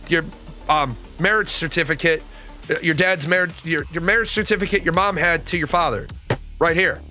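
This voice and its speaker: A man's voice: high voice, pushed and bright. A young man telling a personal story as a rant, swearing and exasperated. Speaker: host.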